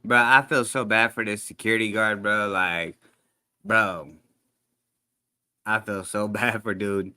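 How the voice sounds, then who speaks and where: A man with a bright, forward voice comments on a clip he watches with his viewers. He talks in loose slang and swears freely, and his sentences ramble and restart. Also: fairly low pitch, steady tone, a little slow, long pauses, clean tone. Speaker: streamer reacting to a clip. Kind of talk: casual commentary.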